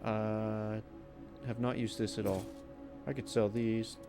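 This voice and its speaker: A man's voice: lowish voice, level tone, slow pace, over music. A man giving casual, rambling commentary as he plays a video game, talking to himself. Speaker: gaming streamer.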